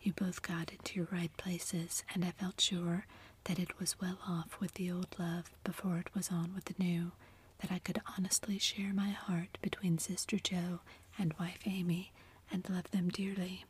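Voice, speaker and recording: A woman voicing an earnest, remorseful young man in love, in a soft, pleading, heartfelt whispered role-play. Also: fairly low pitch, little pitch movement, normal speed, a little hiss or hum, natural voice. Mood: tender.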